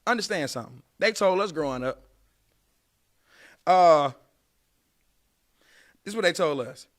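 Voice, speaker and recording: A man's voice: fairly high pitch, measured pace. A man in his late thirties hosting a podcast, giving dating advice in a casual, preachy monologue that speaks straight to his listeners. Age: late 30s. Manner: animated, preachy, addresses listeners directly.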